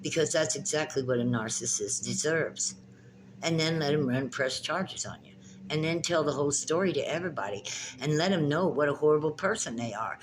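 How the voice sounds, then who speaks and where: A woman's voice: low-pitched, moderate pace, a little hiss or hum, low-quality recording. A woman giving a spiritual tarot reading in a vlog, talking in an emphatic, passionate way and often repeating her phrases. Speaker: tarot reader and spiritual teacher.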